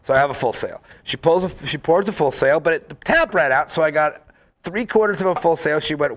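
A man in casual chat, telling rambling, animated stories full of fillers and acting out quoted lines. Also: on the high side, fairly quick. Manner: acts out quoted lines in the story.

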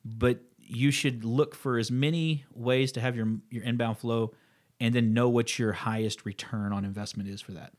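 A man in his thirties co-hosting a podcast in casual chat, an animated storyteller who acts out the people in his stories. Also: mid-range voice, moderate pace. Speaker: podcast co-host.

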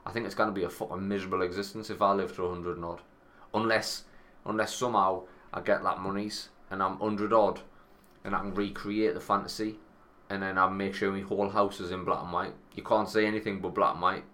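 A man's voice: sits low, little pitch movement, fairly quick, hardly any pauses, bright, forceful tone. A man co-hosting a podcast in casual chat, rambling and swearing as he tells stories. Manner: rambling, storytelling, swears freely. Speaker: podcast co-host.

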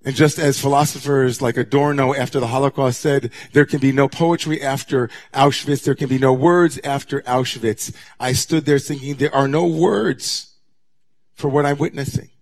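A man, a rabbi, preaching a sermon to his congregation, moving from hushed near-whispers to raised, intense passages. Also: medium pitch, fairly even intonation, normal speed. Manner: dramatic, swings from hushed to raised voice.

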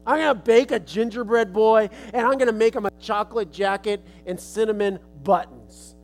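A man's voice: sits high, moderate pace. A man voicing a fussy old baker woman. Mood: musing.

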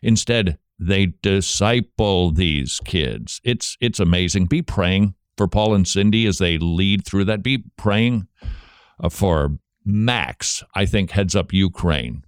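Low-voiced man hosting talk radio. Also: clean tone, no room sound, clean studio sound. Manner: conversational, with quick asides and self-corrections. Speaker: radio show host.

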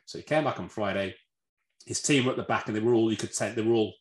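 Speaking fairly quickly in a fairly low voice, a man who leads a red team tells stories as a guest speaker in a talk. The room has a roomy echo. He gets animated, stumbles over repeated words when starting out, and imitates voices.

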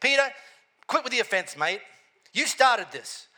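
A man playing an exasperated male teacher who loudly scolds a friend in a teasing way. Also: extremely high pitch, lively intonation, measured pace, pitched above the performer's own voice, heavily acted. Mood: teasing exasperation. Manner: loud, teasing, mock-scolding.

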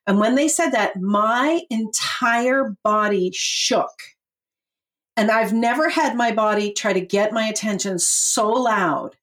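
A middle-aged woman telling her life story as a podcast guest, animated and laughing often as she acts out what she and others said. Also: fairly high pitch, slow. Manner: animated, laughs often, quotes herself in voices.

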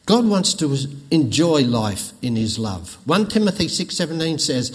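A man's voice: on the high side, big pitch swings, measured pace, hardly any pauses. An older man, preaching a sermon with folksy stories and jokes. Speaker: pastor. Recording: long reverb in a hall.

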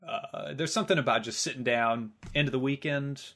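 Relaxed man, hesitant podcast co-host. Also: medium pitch, brisk. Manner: relaxed, hesitant, filler-heavy. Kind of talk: casual sports podcast chat.

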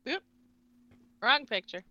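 A woman hosting a podcast over a video call, relaxed and dryly amused. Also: slow, slight background noise. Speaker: podcast host. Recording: dry, dull lo-fi call audio.

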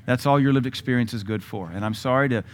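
A man preaching to his congregation in a blunt, combative way. His voice sits at an ordinary middle pitch, and he swings between quiet asides and loud, punchy bursts. Now and then he drops into mocking imitations to make a point. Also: quick pace. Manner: mocking mimicry of other voices. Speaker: pastor. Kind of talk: sermon.

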